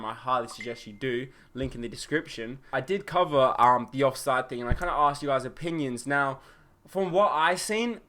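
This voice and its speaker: A young man hosting a solo football podcast, excitable and opinionated, with plenty of fillers. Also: medium pitch. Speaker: podcast host. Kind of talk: solo football match review.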